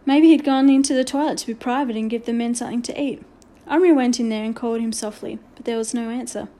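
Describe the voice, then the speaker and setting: A woman narrating a children's storybook aloud in an expressive, measured way. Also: on the high side. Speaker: audiobook reader.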